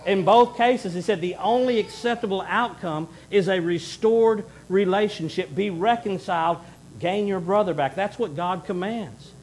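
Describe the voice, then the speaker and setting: A middle-aged man preaching a sermon in earnest, rising to loud emphasis and then dropping to a hushed plea. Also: sits high, normal speed, slight background noise, low-quality recording. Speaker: pastor.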